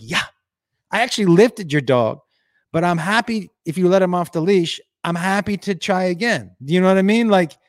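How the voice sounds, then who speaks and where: A middle-aged man tells a story and reads viewer comments on a casual livestream, ranting bluntly and swearing freely. His voice sits a little high and swings widely in pitch. It is picked up close and dry, with no room sound. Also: dry recording. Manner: animated, profane, ranting storytelling. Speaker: live streamer reading viewer comments.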